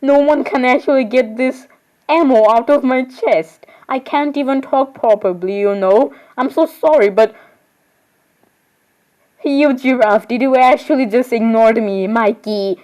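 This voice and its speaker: A woman with a high voice voices all the dolls in a homemade, improvised role-play. She rambles in a chatty way and breaks into sudden surprised squeals. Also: a little slow, dark tone, rough recording.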